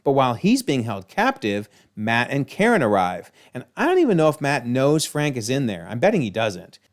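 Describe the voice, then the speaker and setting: A man hosting a video, recapping a TV episode in an animated, exclaiming way. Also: medium pitch, normal speed. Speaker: video host.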